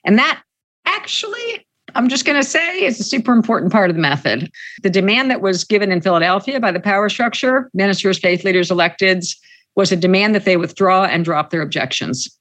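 A woman's voice: medium pitch, lively intonation, a little fast, fairly bright tone. Emphatic woman union organizer. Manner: emphatic, repeats key points. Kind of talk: interview answers.

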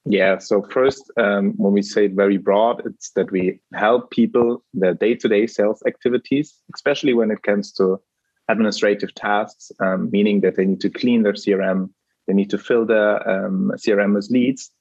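A German man speaking English as a second language answers interview questions, pausing on frequent ums. His voice is low and husky. The sound is dull and lo-fi, with a dry, close feel. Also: steady tone, darkish tone, dry recording. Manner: hesitant, many ums. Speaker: guest, startup co-founder.

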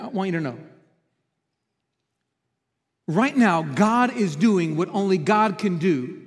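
A male pastor with a high voice preaches to his congregation, telling a personal story. He moves between loud, urgent stretches and hushed, quiet ones. His voice carries a long reverb from the large church hall. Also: lively intonation, measured pace, pauses often. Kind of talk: sermon.

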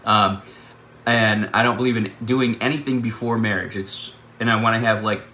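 Bright-voiced man telling a lively story. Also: on the low side, normal speed. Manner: laughs often while telling the story. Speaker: speaker sharing a personal testimony. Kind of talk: animated personal storytelling. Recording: echoey room with faint background noise.

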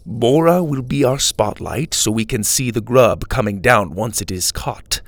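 A man voicing a hearty, round man who calmly teaches fishing, in a storybook reading. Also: medium pitch, measured pace, no room sound. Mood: instructive. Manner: steady instructive. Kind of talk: storybook read-aloud.

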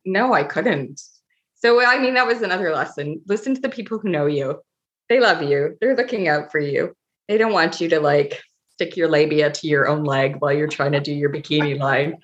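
Middle-aged woman, low voice, dull lo-fi sound, laughing self-mocking storyteller. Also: lively intonation, moderate pace, a bit bright. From Canada. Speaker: family doctor and author. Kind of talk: casual interview chat. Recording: dull lo-fi audio.

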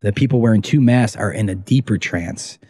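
A man's voice: on the low side, fairly quick, mellow, breathy edge, dry recording. Emphatic, swearing man, dry sound. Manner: emphatic, rambling, swears freely. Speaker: documentary filmmaker guest. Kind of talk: casual podcast interview.

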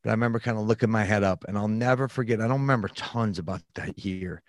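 Man, low voice, frank and reflective storyteller, close dry mic. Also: fast talker, no room sound. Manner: frank and reflective, with frequent restarts. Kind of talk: candid storytelling in a conversation.

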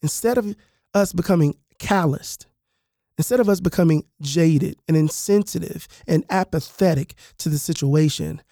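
A man hosting a podcast, telling personal stories in a loose, animated way with lots of fillers and restarts, speaking close to the mic. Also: fairly high pitch, dry recording. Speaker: podcast host and author. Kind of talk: casual storytelling monologue.

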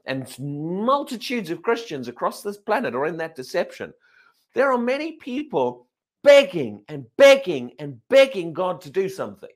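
A male preacher delivers a lively sermon, his high voice leaping up and down as he questions the room. The tone is animated and conversational, and it shifts sharply in pitch from line to line. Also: normal speed. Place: church service.

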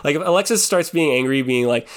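A man's voice: fairly high pitch, lively intonation, quick pace, clean tone. A young man recapping a reality TV show in casual chat. He rambles, leans heavily on filler words like "like" and "you know", and laughs often as he talks. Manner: laughs often while talking.

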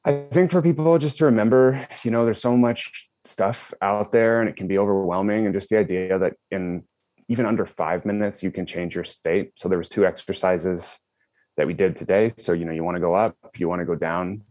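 Animated man telling a story, dry sound. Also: sits low, a little fast, no room sound. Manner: animated, many fillers and restarts. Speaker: podcast guest, breathwork company co-founder. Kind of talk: casual storytelling.

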